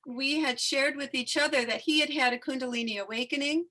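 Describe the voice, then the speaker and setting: A host with a high, bright female voice talks fairly quickly during a laid-back spiritual conversation. Animated and emotionally open, she recounts a personal story and lets her feelings come through.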